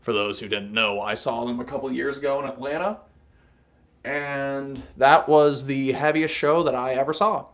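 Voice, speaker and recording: A man's voice: medium pitch, steady tone, normal speed, a bit bright. A young man from North Carolina hosting a casual live stream, chatty, swearing freely and laughing at his own jokes.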